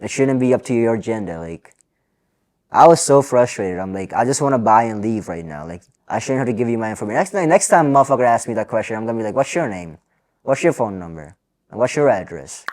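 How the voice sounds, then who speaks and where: Speaking at a quick pace with a medium-pitched voice, this podcast co-host vents animatedly during casual conversation. He swears freely and often.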